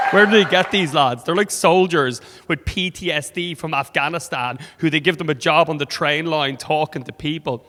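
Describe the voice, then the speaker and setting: A man's voice: a little high, moderate pace, hardly any pauses, bright, forceful tone, a faint crowd. A young Irish man doing stand-up comedy in a club, sardonic and full of swearing, with an Irish accent. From Ireland. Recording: hall reverb from a club stage.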